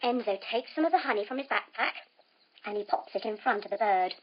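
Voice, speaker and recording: A young woman telling a children's yoga story as she guides the poses, animated, encouraging and playful. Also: on the high side, fairly quick, muffled recording, a little hiss or hum. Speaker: kids yoga instructor and storyteller.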